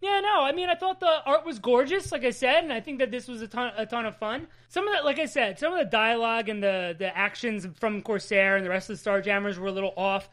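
Woman, high voice, casual comic recap, frequent swearing, animated storytelling. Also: quick pace, few pauses. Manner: profane, laughing, animated storytelling. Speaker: comic book podcast co-host.

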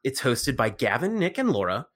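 A man's voice: mid-range voice, sing-song, normal speed, fairly bright tone. A man co-hosting a casual podcast, rambling with lots of fillers and restarts. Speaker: podcast co-host. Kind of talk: casual chat.

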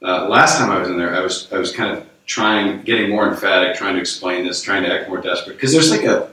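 A man's voice: low voice, quick pace, pushed and bright. An American man, a priest, telling a rambling story in casual conversation, with lots of fillers. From United States. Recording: echoey room, distant mic.

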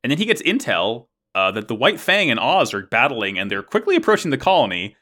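Brief: young man, bright and lively voice, animated co-host who acts out lines. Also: mid-range voice, brisk. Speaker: podcast co-host. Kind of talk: casual anime recap chat.

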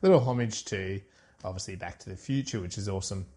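A man's voice: on the low side, fast talker, dark tone. A man co-hosting a casual podcast, recapping film scenes in a rambling, self-correcting way. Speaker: podcast co-host reviewing a film. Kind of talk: casual chat.

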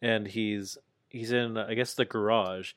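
A man co-hosting a podcast, chatting casually about wrestling and retelling scenes with animated acted-out quotes. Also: fairly low pitch, measured pace, clean tone, dry recording. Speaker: podcast co-host.

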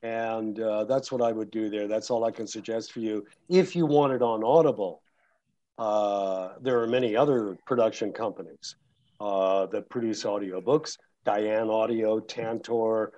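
A man's voice: fairly low pitch, fairly even intonation, a little slow, dark tone, dull audio. A man who narrates audiobooks, talking casually to an audience in a rambling way with many restarts and fillers. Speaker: audiobook narrator and guest speaker.

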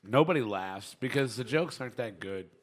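A man's voice: medium pitch, lively intonation, moderate pace. A man hosting a live podcast, chatting casually and running through the show's plugs in a loose, joking way. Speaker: podcast host.

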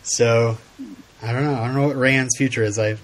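A man's voice: mid-range voice, steady tone, normal speed. A middle-aged man co-hosting a casual podcast, laughing often and retelling scenes with quoted voices. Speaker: podcast co-host. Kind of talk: casual chat.

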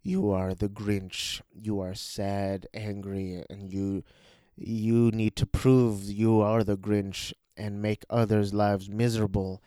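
Guy doing a stern mirror grinch, low and quiet, slow and gloomy. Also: level tone, clean tone, no echo, clean studio sound. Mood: solemn.

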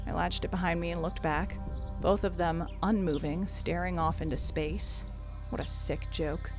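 A woman's voice: fairly low pitch, steady tone, normal speed, music in the background. A woman narrating and acting her own part in an audio drama, tense and often raising her voice. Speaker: narrator and lead character.

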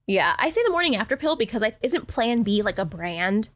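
A woman co-hosting a podcast, chatting casually and reading novel excerpts, animated, exasperated and swearing freely. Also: a little high, brisk. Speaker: podcast co-host. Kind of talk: casual book-club chat.

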